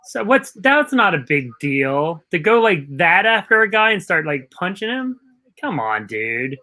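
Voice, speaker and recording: A man's voice: high-pitched, sing-song, a little slow, pushed and bright. A man co-hosting a hockey watch stream, giving frank, opinionated casual commentary. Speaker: co-host. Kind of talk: casual live game commentary.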